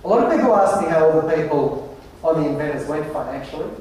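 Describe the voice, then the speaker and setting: A man's voice: fairly high pitch, lively intonation, fast talker, darkish tone. Man, conference talk, anecdotal and wry, very echoey large hall, faint background noise. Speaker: conference presenter. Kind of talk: humorous storytelling keynote. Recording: very echoey hall, distant mic.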